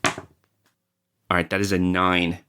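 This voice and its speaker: A man playing a tabletop game, deliberately talking through his moves. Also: low voice, completely flat delivery, pushed and bright, clear, resonant tone. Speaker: player.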